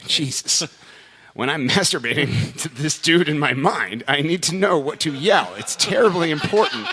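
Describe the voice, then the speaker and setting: A man's voice: a little high, animated, moderate pace, pushed and bright. A man hosting a casual podcast who reads listener jokes aloud in a playful way and laughs often between lines. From United States. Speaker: podcast host.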